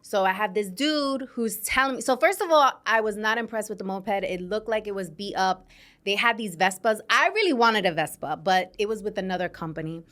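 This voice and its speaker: A woman's voice: medium pitch, fairly quick. Chatty woman hosting her own show. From New York City. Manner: chatty and animated, laughs often, addresses listeners directly. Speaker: podcast host. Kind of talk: casual storytelling monologue. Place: studio.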